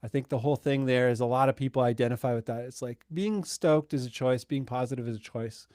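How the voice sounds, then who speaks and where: An easygoing man in his thirties co-hosting a podcast, talking in a loose, rambling way and often breaking into laughter. His voice sits at a middle pitch. The sound is dry and close, with no room around it. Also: quick pace, darkish tone, no room sound. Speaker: podcast co-host. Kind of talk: casual chat.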